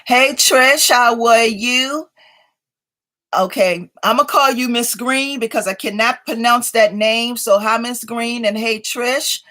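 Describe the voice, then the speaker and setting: A woman's voice: fairly high pitch, takes it slowly, pushed and bright. A woman hosting a casual craft livestream from home, greeting viewers by name as they join and chatting along, a little sleepy. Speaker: craft channel host.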